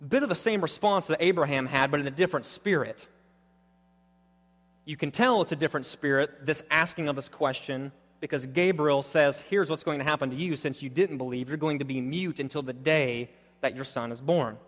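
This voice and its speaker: Man preaching, slightly high voice, animated delivery, long hall reverb. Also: a little fast. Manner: animated, swings between loud emphasis and quiet intensity. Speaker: pastor. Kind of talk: sermon.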